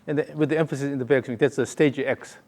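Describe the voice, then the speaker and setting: A man's voice: medium pitch, fairly even intonation, fast talker, darkish tone. A male golf coach giving a hands-on lesson, calling short repeated cues and humming the count and rhythm.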